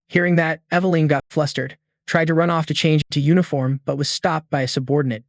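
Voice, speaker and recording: Fairly high-voiced man narrating a recap. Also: fairly even intonation, fast, hardly any pauses, no echo, studio quality. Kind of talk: scripted story recap narration.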